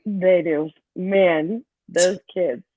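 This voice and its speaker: A woman's voice: fairly low pitch, drawn-out words, no echo. A woman, a middle school teacher, chatting casually in an interview and animatedly telling stories about her students. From Kansas City area, US. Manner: animated storyteller, acts out students' voices, laughs often. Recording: tinny phone-like call audio.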